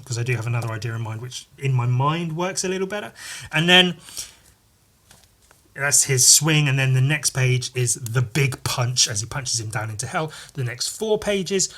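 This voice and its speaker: Man, podcast host, comic artist, rambling casual chat, bright tone. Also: medium pitch, expressive, normal speed. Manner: rambling, playful, sweary. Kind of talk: casual walkthrough of his comic pages.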